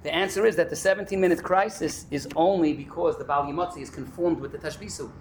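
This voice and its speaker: A man teaching a Talmud class, talking in an animated way and often breaking into shouts. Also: on the high side, fast, a little hiss or hum. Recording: echoey room.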